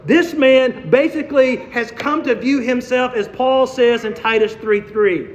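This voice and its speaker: A man's voice: very high voice, measured pace, hardly any pauses. A male preacher giving an expository sermon, posing rhetorical questions and driving points home by repetition. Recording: dull sound with long hall reverb.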